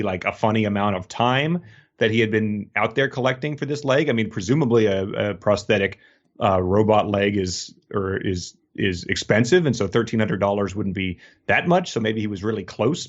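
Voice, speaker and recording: Low-voiced man in casual podcast chat. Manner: laughs often, reads quotes in a slow deadpan. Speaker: podcast co-host. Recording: dull lo-fi audio.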